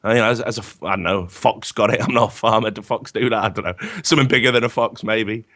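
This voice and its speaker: A man in casual podcast chat who tells stories in an animated, swearing way, with sarcastic asides. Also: fairly low pitch, fast. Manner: animated, profane storytelling. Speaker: podcast guest.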